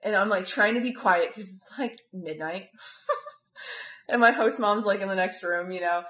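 A woman's voice: medium pitch, moderate pace, fairly bright tone. A woman telling a personal story in a casual, rambling way, filling her speech with "like" and "you know". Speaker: former volunteer living with a host family. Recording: dull, echoey room recording.

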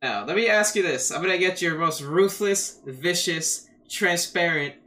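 A man's voice: high-pitched, normal speed, pushed and bright. A man co-hosting a podcast, putting questions in an emphatic, building way. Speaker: podcast co-host. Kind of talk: casual podcast chat.

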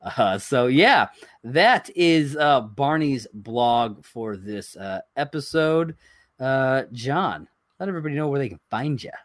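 A man's voice: mid-range voice, expressive, takes it slowly, fairly bright tone, no echo, studio quality. A man co-hosting a podcast, chatting casually as he reads items from a list, rambling and chuckling along the way. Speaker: podcast co-host. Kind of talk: casual chat.

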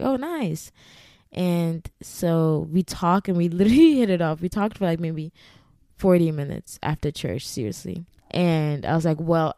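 A young woman from Massachusetts telling a personal story to her viewers in a chatty, animated way, laughing often. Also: deep voice, no echo, studio quality. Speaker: YouTuber. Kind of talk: casual storytelling to camera.

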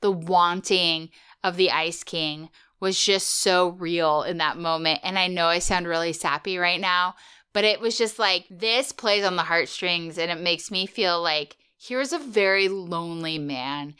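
A woman's voice: lowish voice, measured pace, pushed and bright, clean tone. A woman co-hosting a podcast in casual chat, talking loosely with lots of "like" and "um". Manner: chatty, peppered with "like" and "um". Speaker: podcast co-host. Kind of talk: casual chat recapping a cartoon.

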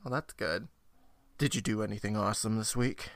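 A man's voice: lowish voice, a little fast, vocal fry, a bit bright, dry recording, clean studio sound. A man in his thirties hosting a casual podcast, laughing often as he chats over a call. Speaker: podcast host. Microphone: home mic on a Skype call.

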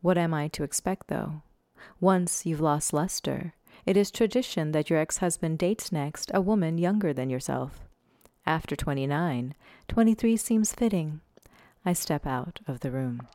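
A woman in her twenties reading a first-person memoir in a measured, reflective way. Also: sits low, warm tone, no room sound, studio quality. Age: 20s. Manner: measured, reflective, slow pauses. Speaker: narrator.

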